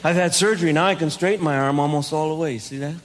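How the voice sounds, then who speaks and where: High-voiced self-mocking stand-up comedian. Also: male voice, fast talker. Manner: self-deprecating, animated storytelling with acted-out dialogue.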